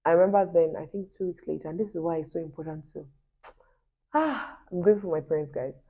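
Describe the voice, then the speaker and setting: A woman's voice: on the low side, lively intonation, fast talker, warm tone. A young woman, chatting animatedly to her viewers and telling a personal story with laughing asides. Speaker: vlogger. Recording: dull lo-fi recording.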